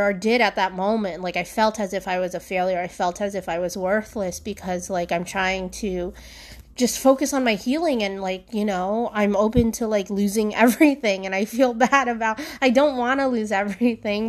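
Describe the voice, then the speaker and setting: A young adult woman hosting a solo podcast from home, talking candidly and rambling with many fillers and bursts of laughter. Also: mid-range voice. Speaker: podcast host. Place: alone at home.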